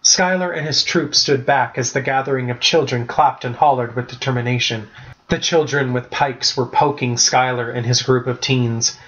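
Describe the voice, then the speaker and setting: An audiobook narrator reads a storybook chapter in the first person, steady and even at a moderate pace. His voice sits at an ordinary middle pitch, and the recording sounds slightly dull and lo-fi.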